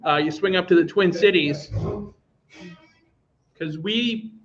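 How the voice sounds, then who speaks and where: A man's voice: sits high, slow. A man from Indiana hosting a comedy show, chatting casually with a guest and rambling with plenty of fillers. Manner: rambling, lots of fillers, laughs easily. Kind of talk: casual chat with a guest comic. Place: Twin Cities, on a video call. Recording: muffled video call audio with faint noise.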